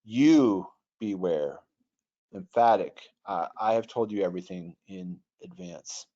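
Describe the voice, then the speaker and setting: Deep, warm, and steady at a normal pace, this man's voice guides an online webinar on Greek grammar. As a Bible software trainer he is patient and thoughtful, frequently starting his sentences over, heard through dull, lo-fi audio.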